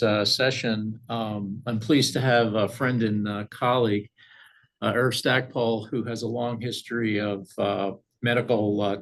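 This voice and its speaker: Guy hosting a webinar, raspy fry in his voice, lots of ums. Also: mid-range voice, fairly bright tone. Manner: halting, many fillers. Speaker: host. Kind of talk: webinar interview. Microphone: video call.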